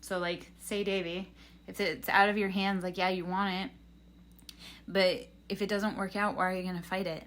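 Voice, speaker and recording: A woman's voice: medium pitch, flat delivery, normal speed, fairly bright tone. A young adult woman on a livestream reading tarot, telling a rambling, earnest story full of fillers and advice. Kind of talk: casual chat.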